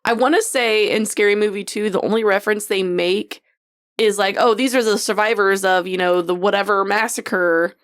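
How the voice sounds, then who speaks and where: A woman's voice: mid-range voice, steady tone, moderate pace. A woman co-hosting a podcast in casual chat, blunt and profane, laughing often. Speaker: podcast co-host.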